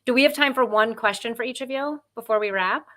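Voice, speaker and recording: A woman's voice: fairly high pitch, fairly quick, bright, forceful tone. A woman hosting a podcast, earnest and gushing, with a playful sarcastic streak. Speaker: podcast host. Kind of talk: casual podcast chat.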